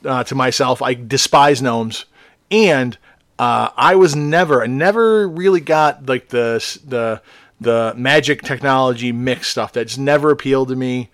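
A man's voice: mid-range voice, measured pace, no echo. Male co-host, chatty, loose, restarts a lot, dry close-mic sound. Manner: rambling, with many restarts and fillers. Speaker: podcast co-host, module writer. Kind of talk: casual chat.

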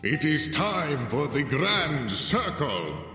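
A tribal leader calls out to the crowd in long, drawn-out shouts, as a male narrator puts him on. His pitch swings widely and the pace is very slow. The voice carries from afar through a roomy hall with a long reverb. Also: big pitch swings, distant mic, music in the background. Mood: proclaiming. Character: male tribal leader presiding over a fight.

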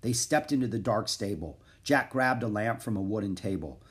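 A man's voice: fairly low pitch, lively intonation, moderate pace. Man reading a children's story. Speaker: audiobook reader.

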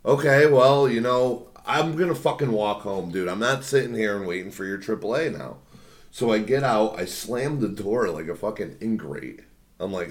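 Low-voiced profane male storyteller. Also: lively intonation, moderate pace. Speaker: podcast co-host. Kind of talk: casual storytelling chat.

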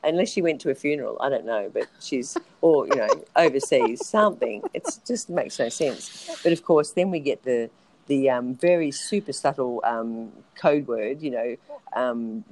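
Low-voiced woman, chatty and frank. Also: moderate pace, darkish tone, rough recording. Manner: chatty, rambling, frank, swears casually. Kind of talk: casual reality-TV gossip chat.

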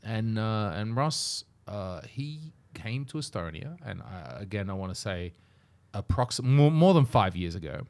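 Young aussie bloke, casual chat, sarcastic, pitch jumps all over, swears a lot. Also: male voice, very animated, a little mellow. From Australia. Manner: quick, swearing, mocking asides.

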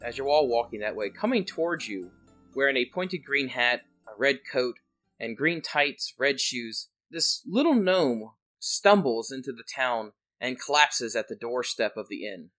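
A woman narrating a tabletop game as game master, measured and descriptive. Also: a bass voice, lively intonation, a bit bright, faint music behind.

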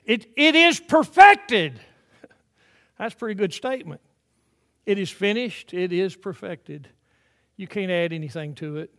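In a church sanctuary, a high-voiced older man delivers a sermon as pastor. He preaches emphatically, building to loud climaxes before falling back to soft, stretched-out phrases.

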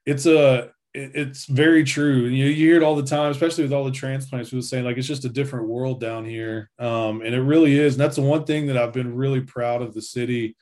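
A man answers questions as an interview guest in a plain, mid-pitched voice. He talks in an easygoing, rambling way, with lots of fillers. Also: steady tone, fairly quick, hardly any pauses, darkish tone. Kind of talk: casual interview chat.

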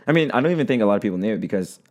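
Low-voiced young man, rambling podcast chat. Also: animated, very fast. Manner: rambling, filler-heavy, laughs often. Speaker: podcast co-host.

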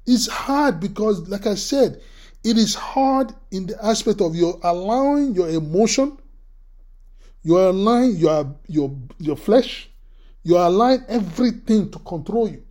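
Preacher, male, high pitch, mellow tone, lively storytelling delivery. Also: measured pace. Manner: animated, repeats words, acts out quoted voices. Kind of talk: sermon with personal storytelling.

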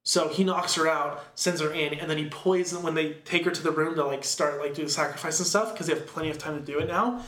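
A man with a slightly high, a bit bright voice casually recaps a film's story, rambling loosely with plenty of fillers and quick quoted lines. His tone stays steady, and the recording has a roomy, echoey sound.

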